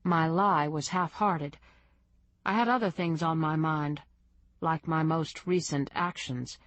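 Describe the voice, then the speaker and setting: Brief: woman audiobook narrator, low register, dry studio sound, first-person storytelling. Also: slow, no room sound. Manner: reads in first person, lightly voicing characters. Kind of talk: scripted narration.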